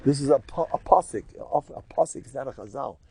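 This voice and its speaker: This older rabbi talks fast in a medium-pitched voice that's gravelly and husky. His Torah lecture unfolds as animated, humorous storytelling full of repetition.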